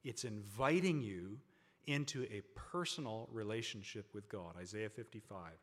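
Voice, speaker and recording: A man preaching a sermon to a congregation, with emphatic, drawn-out stresses on key words. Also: lowish voice. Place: large hall with a congregation. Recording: long hall reverb.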